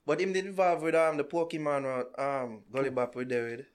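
A man with a Jamaican accent, co-hosting a podcast, joking and cutting in with quick asides. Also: fairly high pitch, clear, resonant tone. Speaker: podcast co-host. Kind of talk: casual chat.

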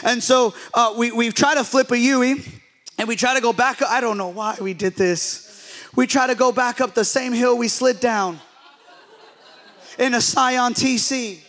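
A young man preaching as a pastor, telling a story in an animated, self-deprecating way and joking with his listeners. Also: very high-pitched, unhurried. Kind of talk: humorous storytelling sermon.

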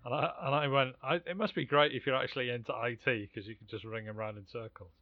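A man's voice: medium pitch, steady tone, fast talker, dry recording. A man from Wales telling a phone-call anecdote in casual chat, acting out both voices. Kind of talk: casual storytelling. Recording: dry, dull lo-fi sound.

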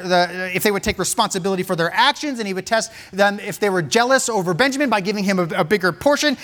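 High-voiced male preacher telling a story. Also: a bit bright. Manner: dramatic storytelling, acting out quotes, frequent restarts. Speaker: pastor. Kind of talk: sermon.

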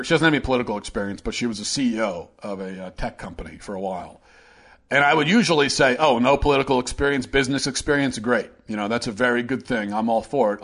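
A man's voice: mid-range voice, fairly bright tone. A man hosting an opinion commentary show, talking in a sarcastic, heated and mocking way. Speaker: host.

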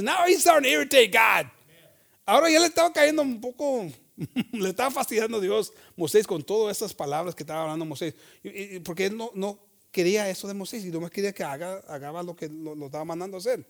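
A man's voice: high-pitched, lively intonation, gravelly, a bit bright. A male pastor preaching a bilingual sermon, switching languages and repeatedly addressing the congregation as brothers. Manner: switches between English and Spanish, often calls out "hermanos"; reads scripture slowly and deliberately.

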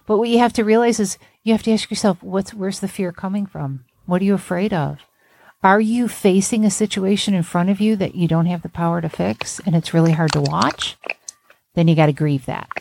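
A woman's voice: mid-range voice, fairly even intonation, fairly quick, creaky, darkish tone, a little hiss or hum. A woman therapist hosting a podcast, talking bluntly and emphatically with salty language. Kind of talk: candid podcast conversation.

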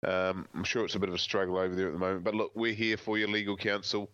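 A man's voice: low-pitched, little pitch movement, fast talker, a bit bright, clear, resonant tone. Blunt sarcastic Australian man, dull sound. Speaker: podcast co-host. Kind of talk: casual sports chat.

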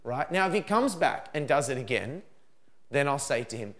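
A middle-aged man giving a lively parenting seminar talk, acting out dialogue as he goes. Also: medium pitch, normal speed. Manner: animated, acts out dialogue in put-on voices.

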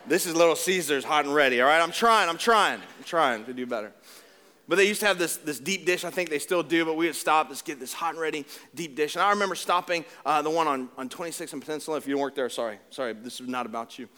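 A middle-aged man preaching a sermon as pastor, animated and conversational, with humor and repetition. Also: fairly high pitch, fast.

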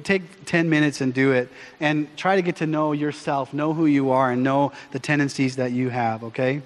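Middle aged preacher guy, kinda high voice, animated storytelling sermon, big echoey church hall. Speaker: pastor. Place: church sanctuary. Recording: long hall reverb.

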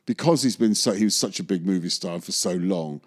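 A man's voice: low voice, brisk. A man, a magician, telling a rambling anecdote in an interview, often correcting himself and chuckling. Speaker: magician recalling film work.

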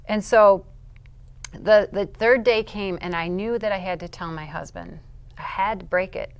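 A woman's voice: measured pace, clean tone. Woman telling a vivid faith testimony. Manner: vivid storyteller who acts out her own past outbursts; moves between quiet, low narration and loud, high bursts. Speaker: interview guest. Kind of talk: personal faith testimony, storytelling.

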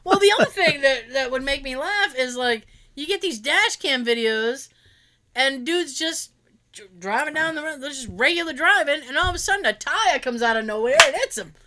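Her voice sits high, and she talks at a moderate pace in easygoing chat. Full of energy, she recounts funny stories, performs other people's lines, laughs often and swears freely.

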